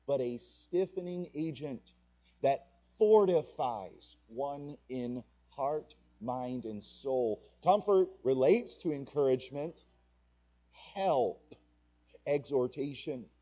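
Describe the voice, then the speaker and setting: A man's voice: medium pitch, warm tone, muffled recording. A man preaching a sermon as pastor, swelling and dropping in volume and drawing out words for emphasis.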